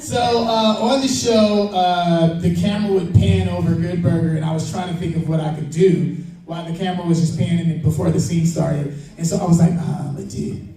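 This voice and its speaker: High-voiced man telling stories in an echoing hall. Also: normal speed. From Chicago, United States. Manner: animated, laughing, loud shout-outs. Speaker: panel guest actor. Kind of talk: comic con panel Q&A storytelling. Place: large convention hall. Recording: echoey hall, taped from far off.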